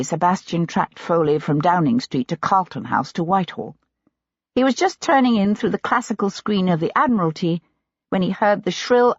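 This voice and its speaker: A woman reading an audiobook in steady, even-toned scripted narration. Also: fairly low pitch, husky, no room sound. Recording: dull dry lo-fi recording.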